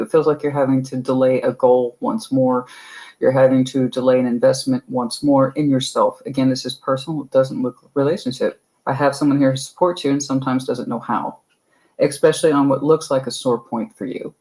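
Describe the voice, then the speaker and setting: A woman's voice: very deep voice, steady tone, normal speed, a little mellow, rough recording. A woman giving a tarot card reading in a chatty way, repeating her points and calling the listener honey. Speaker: tarot reader.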